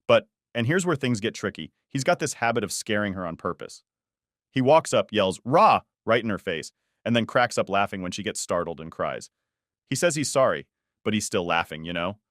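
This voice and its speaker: A man narrating first-person stories in an even, unhurried storytelling read. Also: on the low side, no room sound, clean studio sound. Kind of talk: scripted narration.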